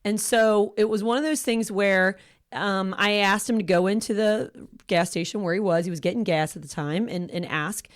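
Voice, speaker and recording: A woman's voice: mid-range voice, normal speed. A middle-aged woman co-hosting a podcast, talking casually and chattily and often affirming her partner. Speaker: podcast co-host. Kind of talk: casual conversational talk.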